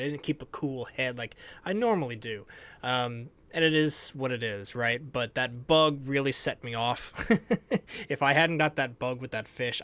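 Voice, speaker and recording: Young male gamer, casual animated recap voice, middle pitch, phrases trailing off. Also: clear, resonant tone. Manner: animated storytelling, laughs often, trailing off quieter at ends of phrases. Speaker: gaming YouTuber.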